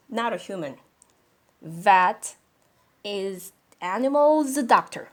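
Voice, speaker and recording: A woman, an English teacher reading a children's story aloud and explaining words in a chatty, animated way. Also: mid-range voice, slow. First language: Korean. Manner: animated, chatty, laughs often.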